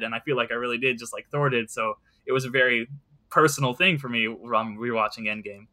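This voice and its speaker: A man's voice: mid-range voice, fairly even intonation, fast talker, bright, forceful tone. A young man in casual conversation about movies, rambling and earnest, with many fillers.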